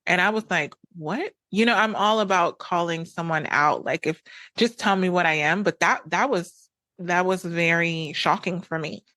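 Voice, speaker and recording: Woman, podcast host, low voice, frank, conversational, dry close mic. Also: moderate pace, bright, forceful tone, dry recording. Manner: conversational, frank, repeats phrases for emphasis. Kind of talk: casual advice monologue.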